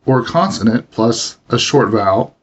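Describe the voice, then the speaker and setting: A man reading an instructional language lesson in a measured, explanatory way. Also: mid-range voice, expressive, breathy edge. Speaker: language teacher. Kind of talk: instructional narration. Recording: dull lo-fi voice recording.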